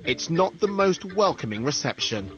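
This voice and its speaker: A man reading scripted voice-over narration for a TV documentary in a wry, measured manner. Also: fairly high pitch, very animated. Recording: dull TV audio under loud music. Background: music.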